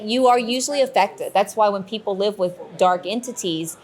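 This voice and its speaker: Woman, panel storyteller, lively and expressive. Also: mid-range voice, brisk, hardly any pauses. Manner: animated storyteller, acts out quotes. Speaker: paranormal investigator panelist. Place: convention panel room.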